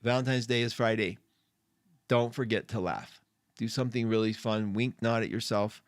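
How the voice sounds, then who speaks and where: A man's voice: on the low side, steady tone, normal speed, no echo, studio quality. A middle-aged man hosting an astrology live stream from an indoor room, chatty and effusive as he greets viewers by name. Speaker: astrology show host. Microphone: studio mic.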